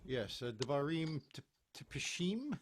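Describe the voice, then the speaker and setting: His voice is a little high with big pitch swings and a measured pace, plus a touch of hiss or hum. He's a cantor on a video call, rambling jokily and poking fun at himself in casual chat before leading a virtual chapel service through his computer microphone.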